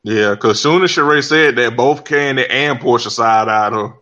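A man with a bright, forceful voice and a middle pitch recaps reality-TV drama. He is animated and curses freely. He keeps backing up his co-hosts. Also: moderate pace, lo-fi sound. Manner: animated, agreeing, profane. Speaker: podcast co-host. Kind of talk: casual reality-TV recap chat.

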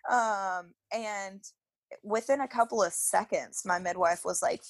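A woman's voice: mid-range voice, unhurried, no echo. A young woman telling a personal story as a podcast guest in a casual, chatty way, with frequent "like" fillers and laughter. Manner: chatty, peppered with "like", laughs often.

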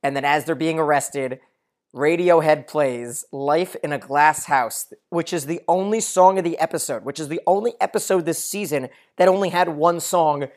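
A man's voice: a little high, normal speed. Male recap podcaster, casual chat, thorough plot summaries, hesitant fillers. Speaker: podcast co-host.

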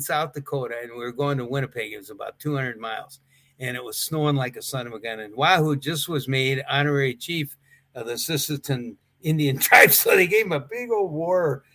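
A man's voice: medium pitch, normal speed, sharp tone. An older man, a retired wrestler, telling rambling stories in a casual interview. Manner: rambling, with restarts and chuckles. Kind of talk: casual anecdotal storytelling.

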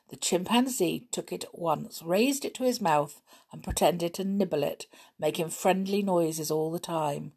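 A woman reading a children's book aloud in a lively way, giving the characters voices. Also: fairly low pitch, unhurried, vocal fry, breathy edge. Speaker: storybook reader.

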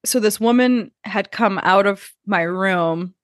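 A woman's voice: mid-range voice, slow pace, dry recording, clean studio sound. A woman co-hosting a podcast, telling a travel story in a chatty, casual way full of "like.". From Portuguese family heritage. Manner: chatty storyteller, heavy use of "like". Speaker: podcast co-host. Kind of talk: casual chat.

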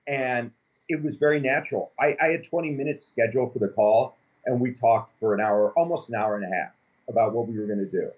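A husky-voiced man in his fifties recounts his business story in a relaxed interview. He rambles happily, piling up fillers and restarts as he goes. His voice has a slightly rough, breathy edge. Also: medium pitch, brisk. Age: 50s. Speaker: company founder.

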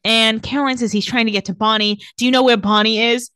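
A woman's voice: on the high side, steady tone, fast, sharp tone, clear, resonant tone, no room sound, studio quality. A woman in casual chat, recapping TV scenes and acting out the characters' lines. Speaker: podcast co-host recapping a TV episode.

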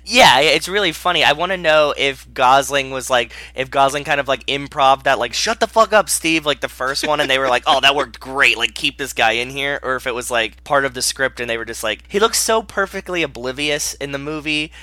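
A man's voice: medium pitch, a little fast, hardly any pauses, sharp tone, dry recording. A man co-hosting a casual movie podcast, rambling with many fillers and laughing as he talks. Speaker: podcast co-host.

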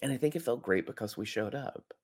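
His voice is lowish with a darkish tone, expressive and a little fast. The middle-aged podcast host tells a personal story and gives coaching in an earnest, reflective manner, with many restarts.

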